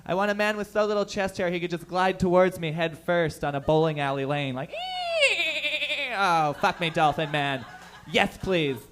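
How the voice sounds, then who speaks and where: Guy doing a gushing lady voice, breathless, a bit higher. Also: very animated, moderate pace, hardly any pauses, fairly bright tone. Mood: swooning. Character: swooning woman gushing over a hairless man.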